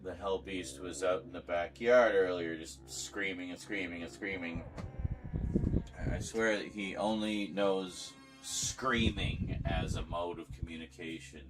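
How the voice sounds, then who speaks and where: A man's voice: low voice, steady tone, a little slow, music in the background. A man streaming live, chatting casually and rambling to his viewers and his pets.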